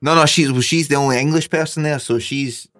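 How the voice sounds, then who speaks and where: A man's voice: fairly high pitch, a little fast, a bit bright. Joking man with faint music. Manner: jokey, laughs often, swears. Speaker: podcast co-host. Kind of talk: casual banter.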